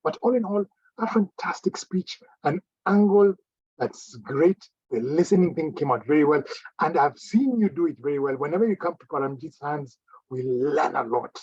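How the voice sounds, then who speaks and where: Man, fairly high, husky, dry and dull-sounding line, warm evaluator. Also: expressive, normal speed, no room sound. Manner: encouraging, repeats phrases for emphasis. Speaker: speech evaluator at a club meeting. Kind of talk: spoken speech evaluation.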